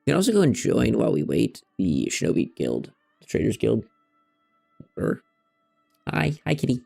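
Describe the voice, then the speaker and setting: A male streamer with a gravelly, fry-edged voice gives casual let's-play commentary, his pitch swinging widely as he jokes and chats with his cat. Faint game music sits quietly behind him. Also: wildly swooping pitch, normal speed. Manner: playful, chatty asides to his pet cat.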